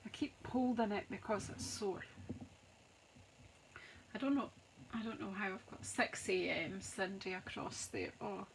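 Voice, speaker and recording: A woman's voice: medium pitch, measured pace, creaky, long pauses, a little hiss or hum, rough recording. A woman hosting a live craft stream, chatting to viewers as she rattles off sale prices like an auctioneer. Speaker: craft demonstrator, host. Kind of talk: live-stream product walkthrough.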